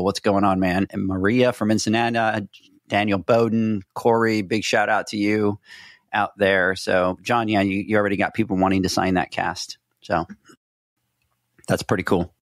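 A man's voice: on the low side, no room sound. Upbeat man hosting a podcast, dry sound. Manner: upbeat, teasing, gives shout-outs. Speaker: podcast host. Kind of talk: casual chat and announcements.

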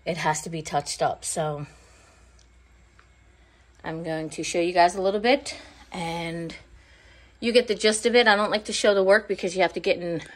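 A home vlogger walks through her house on a handheld phone, giving a loose, wandering tour of her decor while sounding slightly breathless and apologetic. Her voice is lowish, her speed normal, and she pauses often.

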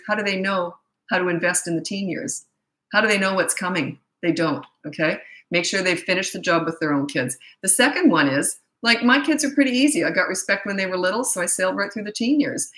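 Woman, middle-aged, parenting coach, casual advice talk, blunt, emphatic, lowish pitch, roomy echo. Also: bright, forceful tone. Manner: blunt, emphatic, acts out quoted lines. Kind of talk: casual advice answering viewer questions.

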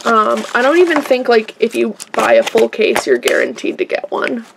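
A woman unboxing toys for her vlog, chatting casually and gushing excitedly to her viewers. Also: a little high, normal speed, gravelly, noisy background. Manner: gushing, easily excited, addresses viewers as "you guys". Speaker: toy unboxing vlogger.

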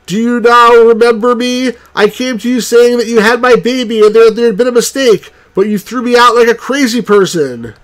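A man voicing a stern middle-aged witch mother in a game, speaking in a raised, forceful way. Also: very high-pitched, moderate pace, few pauses, voice pushed up. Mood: indignant.

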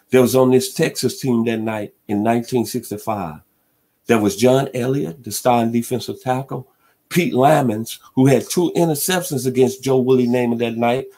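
A man hosting a sports talk radio show, retelling an old football game with dramatic flair and chanting crowd cheers along the way. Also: medium pitch. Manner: animated storyteller who chants crowd cheers and hums band tunes.

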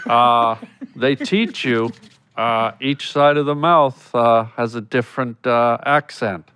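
A man's voice: medium pitch, slow pace, a bit bright, slight background noise. A male comedian guesting on a podcast, riffing playfully on absurd tangents. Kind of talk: casual podcast banter.

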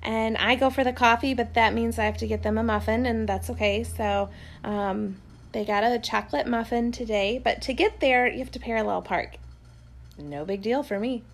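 A woman's voice: fairly high pitch, moderate pace, creaky. A woman in her thirties, a homeschooling mother, chatting casually and unscripted to the camera from an armchair at home, rambling through stories and laughing often.

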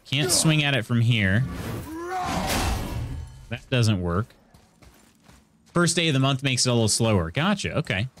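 A man's voice: mid-range voice, sing-song, measured pace, pauses often, music in the background. Chatty male streamer from Illinois. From central Illinois, USA. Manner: chatty, thinking aloud, greeting chat. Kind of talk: casual live gameplay commentary.

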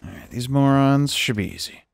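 A man's voice: medium pitch, expressive, moderate pace, creaky. Sarcastic young man commenting on gameplay. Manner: sarcastic, yells at game characters. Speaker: gaming YouTuber. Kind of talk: casual let's-play commentary. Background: game music.

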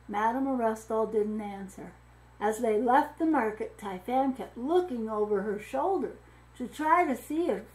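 A woman reading a missionary story aloud to children, expressive and drawing in her listeners. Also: a little high, rough recording. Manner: expressive, engaging the listeners with questions.

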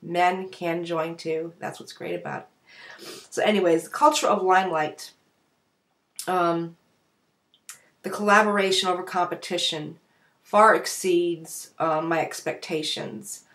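A woman's voice: lowish voice, fairly even intonation, unhurried, long pauses, a bit bright. A woman in her forties with a northern US accent and a light Southern drawl, chatting to camera in a rambling, talkative way as a direct sales beauty consultant. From northern United States. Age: 40s. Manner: chatty and rambling, wanders between points. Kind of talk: casual to-camera vlog chat.

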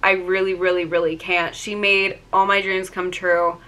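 A woman's voice: on the low side, little pitch movement, moderate pace, pushed and bright. A young woman telling a story to her camera, gushing and rambling with lots of fillers and restarts. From Virginia. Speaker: vlogger.

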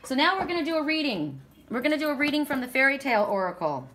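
A woman's voice: sits high, sing-song, quick pace, a bit bright, a little hiss or hum. A woman with a sore throat giving a casual, rambling oracle card reading, stressing her points with many restarts.

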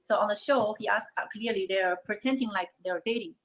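A woman's voice: mid-range voice, brisk, low-quality recording. A woman guest talking heatedly and defensively, cutting in to tell her side. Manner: agitated, defensive, talks over others. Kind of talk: heated call-in talk.

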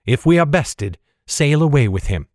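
A man doing a young heroine in an audiobook, calm and resolute as danger closes in. Her voice sits a little higher than a plain male reading voice and is recorded dry and close. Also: normal speed, no room sound. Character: young woman heroine, steady under pressure.

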